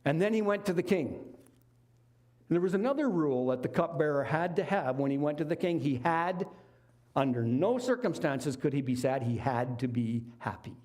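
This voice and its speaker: A man's voice: a little high, animated, normal speed, darkish tone. A middle-aged man preaching a sermon, retelling a Bible story in a conversational, folksy way with casual asides. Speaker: lay preacher.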